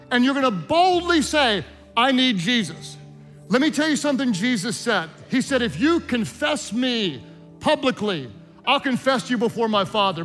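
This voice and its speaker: A high-pitched male pastor speaks with a bright, forceful tone, pressing his congregation to commit. His words ring out in a large, echoing church hall while soft music plays underneath. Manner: impassioned, urging, builds from soft prayer to loud exhortation. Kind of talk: sermon with altar call and prayer.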